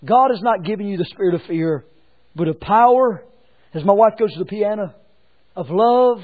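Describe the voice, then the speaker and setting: A man preaching a sermon as pastor, swinging between hushed lines and shouted ones. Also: high-pitched, normal speed, phone-quality sound.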